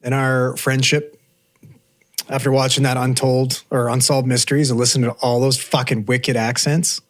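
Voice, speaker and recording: A man on a podcast ribbing his friend, animated and swearing casually. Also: medium pitch, moderate pace. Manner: ribbing, profane, animated teasing. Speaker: podcast co-host.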